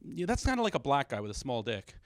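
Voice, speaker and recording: Self-deprecating man doing stand-up with a lively voice. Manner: self-deprecating, quick punchlines, acts out his kids in a higher voice. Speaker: stand-up comedian. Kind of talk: stand-up comedy set. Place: small comedy stage with a live audience.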